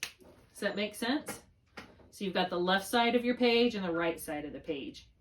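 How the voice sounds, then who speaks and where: Woman, spelling tutor, encouraging, patient, lively pitch, middle-aged. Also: slight background noise. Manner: encouraging, patient, drawn-out modeling of syllables. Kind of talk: one-on-one spelling lesson.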